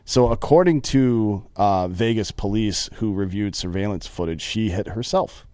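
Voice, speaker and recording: A man's voice: fairly low pitch, a little slow, darkish tone, no echo. A man co-hosting a casual podcast, talking bluntly and profanely. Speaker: podcast co-host.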